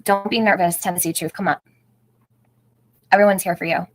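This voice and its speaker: Chatty woman host, lowish voice. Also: steady tone, fairly quick, no echo, low-quality recording. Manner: chatty, greets viewers by name, laughs often. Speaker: livestream host. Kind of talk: casual livestream chat.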